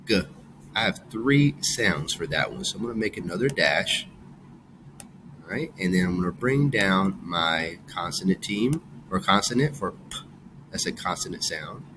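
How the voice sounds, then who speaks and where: A man teaching a phonics lesson to children, slowly sounding out words with exaggerated emphasis. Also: on the low side, a bit bright, slight background noise.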